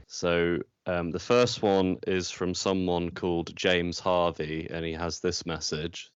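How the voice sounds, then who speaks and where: Male co-host, very deep, smooth voice, dry lo-fi audio. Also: takes it slowly, no room sound. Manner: relaxed, introducing listener clips. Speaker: podcast co-host. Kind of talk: casual chat.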